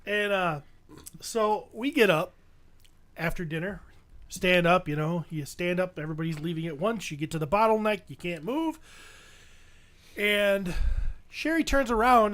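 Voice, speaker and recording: A man hosting a podcast, chatting casually and telling a story with lively acted-out quotes. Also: sits high. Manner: animated storyteller, acts out quotes. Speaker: podcast host.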